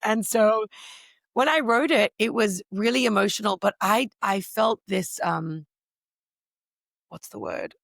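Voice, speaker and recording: Brief: middle-aged woman, interview guest, animated storyteller, slight fry. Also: mid-range voice, a little slow, no room sound, studio quality. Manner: expressive, animated storyteller with voices. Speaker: podcast guest. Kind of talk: interview conversation.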